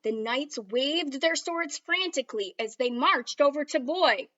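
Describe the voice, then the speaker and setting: Brief: woman storybook reader, high bright voice, slow and expressive, slightly muffled recording. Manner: expressive, unhurried. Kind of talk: storybook read-aloud.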